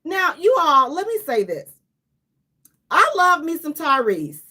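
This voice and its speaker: A woman radio host giving casual, animated commentary, emphatic and repeating herself for effect, with laughs between lines. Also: high voice, measured pace.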